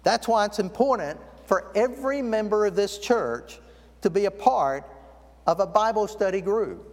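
A man preaching a sermon as a guest, telling a story and slowing down to stress key words. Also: sits high, animated, darkish tone. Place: church sanctuary. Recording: long church hall reverb.

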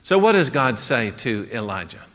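A man's voice: medium pitch, sing-song, moderate pace, fairly bright tone. A man teaching a midweek Bible class, conversational, chuckling and asking the class questions, in a church classroom. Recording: echoey hall.

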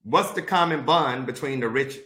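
A man teaching a Bible study, reading verses aloud and pausing to give deliberate, repeated marking instructions. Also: medium pitch, sharp tone. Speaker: pastor.

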